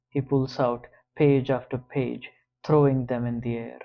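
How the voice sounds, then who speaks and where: Male audiobook narrator, slow deliberate first-person read, slightly muffled audio. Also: mid-range voice, flat delivery, creaky.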